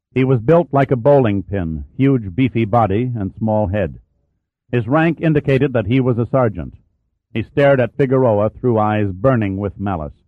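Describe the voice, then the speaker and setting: A man narrates a story with a low, steady, measured voice. The sound is dry and narrow, like a phone line. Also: dry recording. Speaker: audiobook narrator. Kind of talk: scripted narration.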